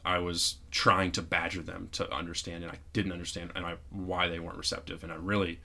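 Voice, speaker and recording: A man's voice: deep voice, flat delivery, vocal fry, pushed and bright. A man co-hosting a podcast, talking in an earnest, reflective casual chat. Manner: earnest, reflective, quick asides. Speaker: podcast co-host.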